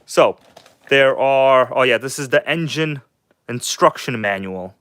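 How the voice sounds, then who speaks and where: A man's voice: mid-range voice, expressive, unhurried, fairly bright tone, clean tone, dry recording, studio quality. A man hosting a casual live stream, rambling and chatty, talking bluntly and enthusiastically to his viewers.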